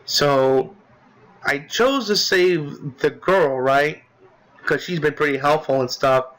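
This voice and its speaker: A man casually recapping a game he played, rambling with lots of filler words and restarts, swearing as he gets excited. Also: a little high, slow pace, low-quality recording. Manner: profane, excitable. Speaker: gaming commentator.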